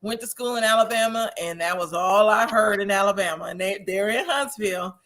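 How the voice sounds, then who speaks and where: Woman from Wisconsin, recap show host, bright crisp tone, chatty, laughs a lot, opinionated. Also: mid-range voice, brisk. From Wisconsin, USA. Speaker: host of a TV recap show reading viewer comments. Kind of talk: casual recap chat.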